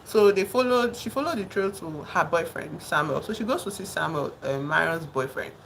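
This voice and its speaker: A woman's voice: fairly low pitch, lively intonation, normal speed, gravelly, fairly bright tone, a little hiss or hum, low-quality recording. A woman vlogger retelling a film in a chatty, rambling way while doing her makeup. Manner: chatty, rambling, peppered with "you know" and "like". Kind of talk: casual storytelling chat.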